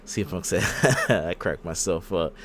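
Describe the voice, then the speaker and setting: A man co-hosting a podcast, retelling wrestling segments as an animated storyteller who acts out the wrestlers' lines. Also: sits low, a little slow, a little hiss or hum. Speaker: podcast co-host. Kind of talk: casual wrestling recap chat.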